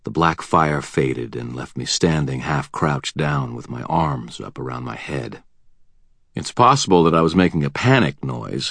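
A man's voice: rumbling low, a bit bright, no echo. A man narrating a first-person fantasy audiobook in a wry, vivid manner with tense pacing, on a close studio mic.

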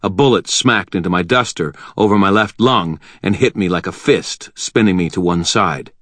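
Deep male narrator, dry close sound, measured first-person audiobook reading. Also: fairly bright tone, no echo.

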